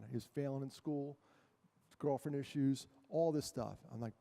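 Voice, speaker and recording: A middle-aged man giving a talk to an audience, animated, acting out quotes and joking with the crowd. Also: medium pitch, normal speed, gravelly. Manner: animated storyteller, acts out quotes, jokes with the crowd. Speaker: guest speaker. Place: large hall with an audience. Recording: long hall reverb.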